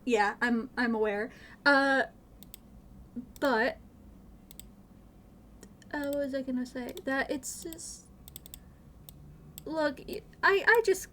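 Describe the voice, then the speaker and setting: A woman's voice: high-pitched, fairly even intonation, slow, pauses often, a bit bright, a little hiss or hum. A woman streamer chatting casually while modding a game, rambling, swearing freely and laughing nervously.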